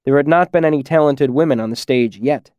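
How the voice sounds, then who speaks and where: Measured male audiobook narrator. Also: mid-range voice, a little mellow, clean tone, no room sound, clean studio sound. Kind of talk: scripted first-person narration.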